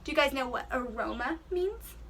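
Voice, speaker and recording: A woman's voice: high voice, lively intonation, moderate pace, fairly bright tone, far from the mic, slight background noise. A woman teacher reading a children's storybook aloud, giving the characters voices and stopping to explain words to the kids.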